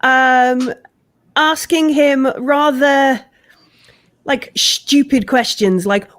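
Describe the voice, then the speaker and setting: High-voiced woman playing a tabletop game. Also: fairly even intonation. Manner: enthusiastic, playful, halting restarts. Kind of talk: casual in-character chat.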